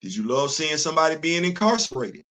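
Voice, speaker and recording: A man hosting a casual live-stream commentary, animated and rhetorical, laughing often as he talks. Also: a little high, fast. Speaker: host.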